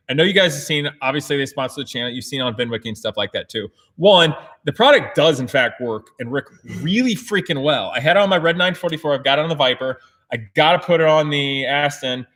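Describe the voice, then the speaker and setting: An American man hosting a casual livestream Q&A from an indoor race shop, talking in an energetic, excitable way and laughing often. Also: mid-range voice. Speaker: host.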